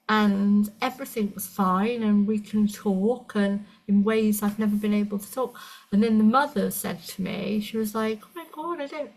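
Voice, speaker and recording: Woman healer, gravelly, rambling storyteller, casual chat. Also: medium pitch, poor audio. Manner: chatty storytelling, restarts, quick asides. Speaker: energy medicine practitioner. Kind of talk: casual conversation with a client.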